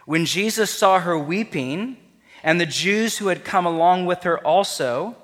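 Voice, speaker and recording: A man's voice: fairly high pitch, expressive, measured pace, a bit bright. Man, pastor, earnest conversational sermon, emphatic rises, long hall reverb.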